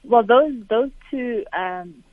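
A woman's voice: on the high side, expressive, takes it slowly, dry recording. Woman, thoughtful and hesitant, phone-like sound, dry. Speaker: guest musician. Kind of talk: reflective interview answers. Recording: tinny phone-like line.

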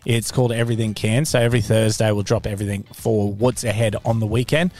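A man's voice: lowish voice, fairly even intonation, quick pace, darkish tone. A man co-hosting a radio podcast, chatting casually with jokey, rambling banter. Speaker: radio co-host.

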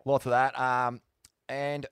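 A man's voice: medium pitch, little pitch movement, takes it slowly, fairly bright tone, clean tone, dry recording, clean studio sound. An Australian man co-hosting a podcast, telling stories in a laid-back, sweary way. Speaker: podcast co-host. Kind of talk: casual chat.

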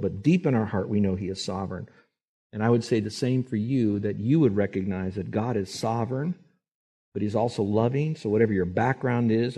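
A man preaching a sermon as a pastor, emphatic and quick to act out the people he quotes. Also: on the low side, warm tone, slightly rough. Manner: emphatic, acts out quoted voices.

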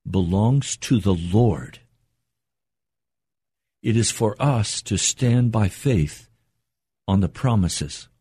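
An older man preaching a sermon in an earnest, measured way, slowing down for emphasis. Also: fairly low pitch, warm tone, husky, dry recording.

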